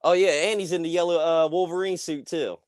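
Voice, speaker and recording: Laid-back rambling man, smooth dry voice. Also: fairly high pitch, fairly even intonation, brisk, dry recording. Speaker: podcast co-host. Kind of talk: casual chat.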